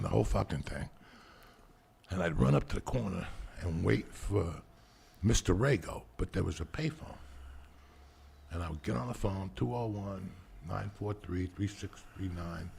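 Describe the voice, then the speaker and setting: A man telling profane, animated stories in casual chat. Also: deep voice, normal speed, vocal fry, breathy edge. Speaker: podcast host.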